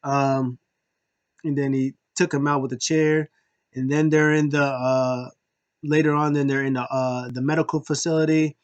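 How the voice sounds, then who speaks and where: Animated man recapping wrestling. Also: medium pitch, clear, resonant tone, dull audio. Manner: animated, acts out wrestlers' lines in quick impressions. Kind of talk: casual recap commentary.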